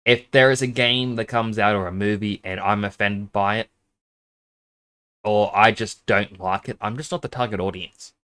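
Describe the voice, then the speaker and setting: A man's voice: on the low side, fairly even intonation, moderate pace, fairly bright tone. Man streaming from home: loose, rambling chat, a bit shy, tries out whispering on his microphone. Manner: rambling, self-conscious, tests whispering at the mic. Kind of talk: casual game-stream chat.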